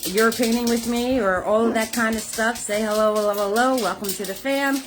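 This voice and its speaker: A cheerful woman with a somewhat high voice leads a live-streamed painting lesson. She chats warmly with her viewers, repeats her hellos and calls them sweetheart. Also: fairly even intonation, a little fast. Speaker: painting class host.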